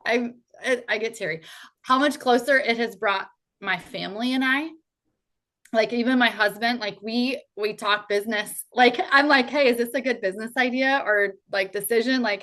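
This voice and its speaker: Earnest higher-voiced woman, heartfelt. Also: bright, forceful tone. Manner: earnest, heartfelt, many "like" fillers. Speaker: podcast guest. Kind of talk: faith podcast conversation.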